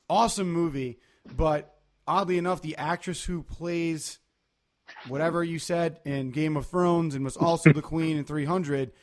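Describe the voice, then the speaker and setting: Rambling man on a casual podcast. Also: a little high. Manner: rambling, loose storytelling with many fillers. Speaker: podcast co-host. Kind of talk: casual chat.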